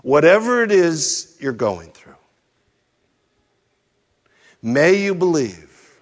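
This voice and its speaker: A man delivers a sermon as pastor, in a fairly high voice. He speaks slowly and deliberately, piling up rhetorical questions and letting his phrases drop low at the ends. His voice carries a long reverb, as in a large church sanctuary. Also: big pitch swings.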